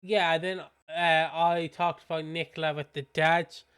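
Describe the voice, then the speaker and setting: A man's voice: on the high side, flat delivery, measured pace, a bit bright, clean tone. A man with a British accent co-hosting a podcast, recapping soap episodes in rambling, casual chat. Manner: rambling, with many fillers. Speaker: podcast co-host.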